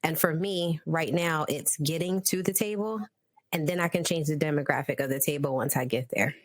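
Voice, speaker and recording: A woman hosting a casual podcast panel chat, telling stories in a lively way with laughter. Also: deep voice, moderate pace. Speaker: podcast host.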